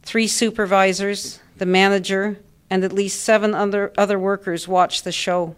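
A woman reading her own first-person story aloud with a measured, understated delivery. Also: medium pitch, little pitch movement, smooth.

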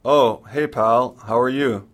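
A man's voice: medium pitch, slow, natural voice. A man voicing a nervous, joking middle-aged father talking on the phone. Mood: chatty.

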